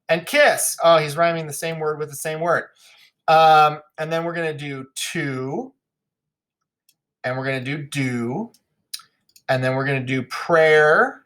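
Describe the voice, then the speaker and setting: A male teacher leading a class read-through of a play, explaining the text and now and then reading lines in quick voices. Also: on the high side, fairly bright tone.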